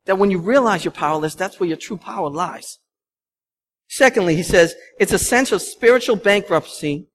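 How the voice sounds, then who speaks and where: A man preaching a sermon as pastor, talking in a conversational, animated way and telling stories with laughs. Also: high voice, a little hiss or hum. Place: church sanctuary.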